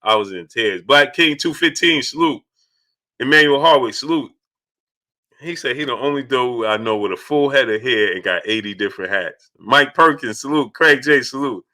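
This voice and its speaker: A man hosting a boxing talk livestream, giving animated commentary and giving shout-outs to viewers in the chat. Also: mid-range voice, moderate pace. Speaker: boxing talk show host. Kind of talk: livestream commentary reading out super chats.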